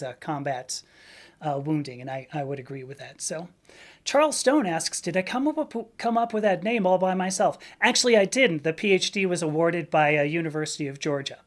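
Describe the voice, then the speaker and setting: Chatty Valley-accented woman live streaming. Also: deep voice. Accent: Southern Californian Valley. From Southern California. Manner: chatty and candid, with frequent fillers and restarts. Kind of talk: casual live-stream chat, reading viewer comments.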